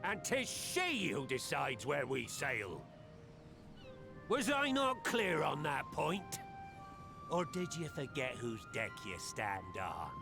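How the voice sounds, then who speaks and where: A gravelly old pirate captain. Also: male voice, on the high side, sing-song, slow, exaggerated voice. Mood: scolding. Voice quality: rough pirate brogue, growled. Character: gruff old male pirate captain, stern and proud. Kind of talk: game cutscene voice acting. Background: game music.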